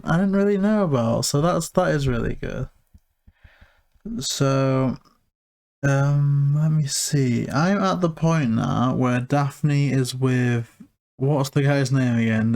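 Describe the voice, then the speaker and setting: A man's voice: mid-range voice, vocal fry, a little mellow. Rambling man reviewing a cartoon film. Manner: rambling, heavy use of filler "like". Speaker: podcast co-host reviewing a film. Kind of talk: casual chat.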